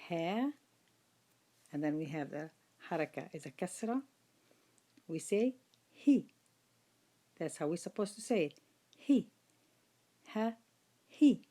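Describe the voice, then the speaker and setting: Woman, patient letter-by-letter teaching, lowish voice, unhurried. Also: warm tone. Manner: patient, repeats each sound several times. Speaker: Quran reading teacher. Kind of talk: slow step-by-step lesson.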